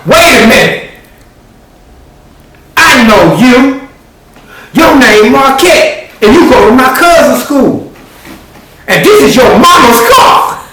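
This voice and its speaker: A man's voice: big pitch swings, slow, pauses often, fairly bright tone, heavily acted. A man voicing a sassy young woman who shrilly calls someone out, in a storytelling performance. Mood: indignant. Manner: high shrill accusing outburst. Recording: roomy, distant, faint hiss.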